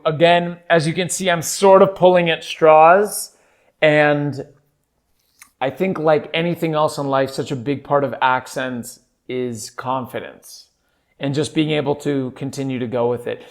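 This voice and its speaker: Rambling, self-deprecating podcast host. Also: male voice, a little high, moderate pace. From Canada. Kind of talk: casual solo podcast.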